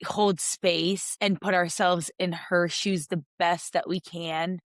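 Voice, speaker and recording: A woman's voice: on the low side, fairly even intonation, slow, no echo. A woman from Russia co-hosting a podcast, talking in a reflective, heartfelt way in long flowing sentences. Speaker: podcast co-host. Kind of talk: casual podcast chat.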